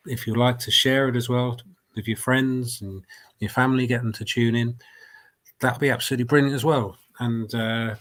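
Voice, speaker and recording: A man with a cold chats casually into a desk mic at home, hosting a live football reaction stream. He rambles and restarts his sentences often, filling the gaps with ums and uhs. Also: medium pitch. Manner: rambling, chatty, with many fillers and restarts. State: has a cold. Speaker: football fan channel host. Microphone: desk mic at a laptop.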